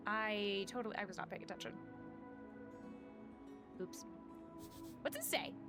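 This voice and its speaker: A woman's voice: medium pitch, lively intonation, unhurried, music in the background. A woman streaming a game live, chatting casually and reading game text aloud, swearing and joking about herself. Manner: chatty, self-mocking, swearing.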